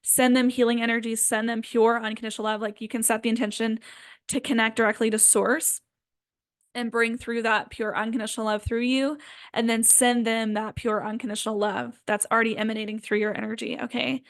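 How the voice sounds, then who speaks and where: Gentle rambling woman healer, slightly high. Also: little pitch movement, fairly quick, no room sound, clean studio sound. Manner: gentle, rambling, many fillers. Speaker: energy healer. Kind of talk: casual spiritual guidance talk.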